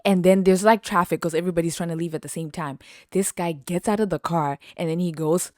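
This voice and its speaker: A young woman from western Canada, hosting a podcast and telling a story in an animated way, laughing often and acting out what people said. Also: lowish voice, fairly quick, no echo, clean studio sound. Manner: animated, laughs often, heavy use of "like", acts out quotes. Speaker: podcast host. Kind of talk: casual storytelling.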